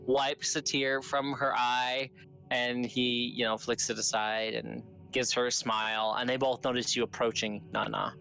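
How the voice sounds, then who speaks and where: A man's voice: mid-range voice, flat delivery, a little slow, vocal fry, sharp tone, faint music behind. A man narrating as game master, loose and rambling, with many fillers.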